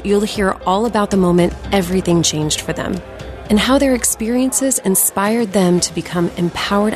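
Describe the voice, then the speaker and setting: Woman reading a podcast intro over music. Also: mid-range voice. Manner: even, clear, measured reading. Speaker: podcast host. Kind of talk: scripted narration. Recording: clear music bed behind the voice.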